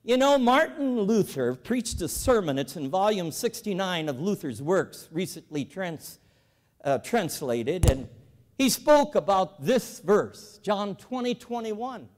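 High-voiced folksy man preaching in a hall. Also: takes it slowly. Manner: folksy storytelling, animated with emphatic calls to the audience. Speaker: convention speaker, former bank president. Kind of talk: evangelical convention address. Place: large auditorium. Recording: hall reverb from a large auditorium.

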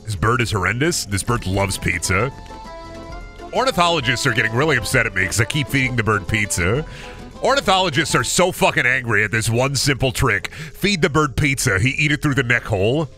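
A man's voice: mid-range voice, lively intonation, brisk, sharp tone, faint music behind. A young man streaming a video game, chatting casually, goofing around and swearing often. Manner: goofy, swears a lot, does silly voices and noises. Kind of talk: casual gaming stream chat.

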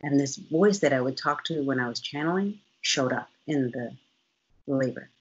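A woman guest on a podcast, recounting a personal story in an animated way, often acting out what others said and laughing. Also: very deep voice, moderate pace, husky, muffled recording. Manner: animated, acts out quoted voices, laughs often.

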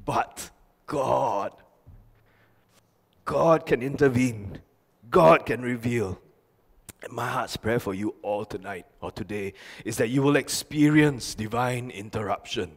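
A male pastor preaching a sermon, telling stories animatedly with emphatic repetition. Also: medium pitch. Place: church sanctuary. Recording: long church reverb.

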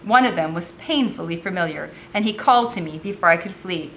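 A woman's voice: fairly low pitch, lively intonation, brisk, fairly bright tone, a little hiss or hum. A woman teacher reading a novel aloud with commentary, raising her voice expressively for the dialogue.

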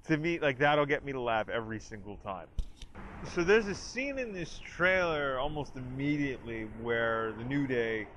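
Male host, casual trailer review, chatty, bright forceful tone, faint background noise. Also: mid-range voice. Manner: chatty, lots of "like" and restarts; animated retelling with quoted lines.

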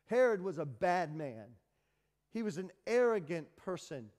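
A man preaching a sermon as pastor, dramatic and swinging from loud to hushed. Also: sits high, sing-song, measured pace, long reverb tail. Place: church hall.

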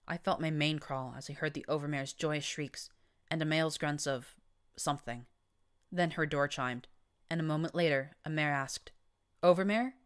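A woman reading a first-person story as an audiobook narrator, in measured, even storytelling. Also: low-pitched.

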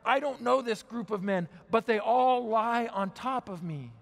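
A man preaching at a conference, telling a dramatic story and dropping to a hush at key moments. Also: very high-pitched, a little slow, vocal fry. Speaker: conference speaker. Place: large auditorium. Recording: long hall reverb.

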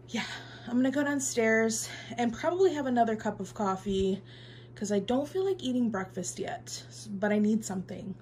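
A woman's voice: medium pitch, a little mellow, a little hiss or hum. A young adult woman vlogging casually to her phone camera, confiding and chatty, with many fillers. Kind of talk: casual vlog talk to camera.

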